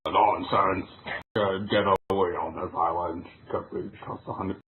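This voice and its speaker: A man reading parts in a fan story during a casual group read-through, halting and stumbling over his lines. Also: deep voice, fairly even intonation. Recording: tinny call audio with hiss.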